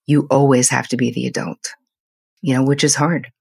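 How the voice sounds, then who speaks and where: An older woman with a husky, slightly breathy voice talks candidly, like a therapist sharing stories from her own family. She speaks in quick, animated bursts. The sound is dry and close, with no room around it. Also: a bass voice, no echo. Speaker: psychotherapist, podcast guest. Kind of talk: conversational interview storytelling.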